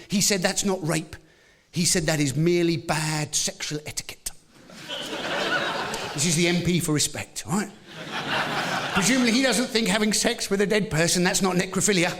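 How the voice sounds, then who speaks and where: A British man performing a live stand-up routine, sarcastic and punchy, firing off rhetorical tag questions and shouted bursts. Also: high-pitched, a little hiss or hum. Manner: shouty bursts mocking a bigoted motorist. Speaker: stand-up comedian. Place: live comedy venue.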